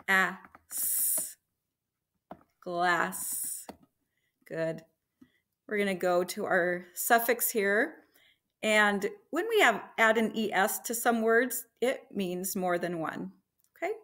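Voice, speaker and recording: Woman, teacher, phonics lesson, sounds out each letter, warm praise, very unhurried. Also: medium pitch. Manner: encouraging, slow and deliberate, sounding out letters. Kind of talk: slow phonics lesson for young children.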